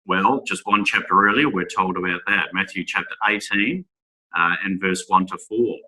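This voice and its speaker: A man giving a Bible talk to young men, reading scripture aloud and asking rhetorical tag questions in a measured way. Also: sits low, bright, forceful tone, poor audio. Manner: measured, with small restarts. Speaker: speaker at a Bible school.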